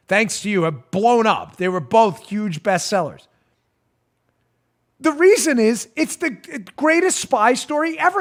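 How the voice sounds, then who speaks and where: Animated sarcastic male talk host. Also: high-pitched. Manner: sarcastic, laughing, swinging from loud to hushed. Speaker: political talk show host. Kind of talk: animated political commentary.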